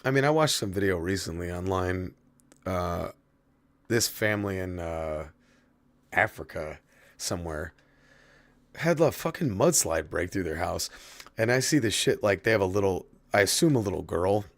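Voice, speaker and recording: Deep gravelly guy rambling and cussing on a game stream, kinda heartfelt. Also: expressive, moderate pace, fairly bright tone, no echo. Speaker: gaming streamer. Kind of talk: casual stream chat while gaming.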